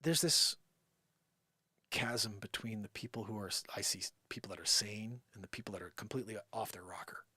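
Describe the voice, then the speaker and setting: A man hosting a live show, ranting in an animated, sarcastic opinion monologue. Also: on the low side, normal speed, husky, no echo, clean studio sound.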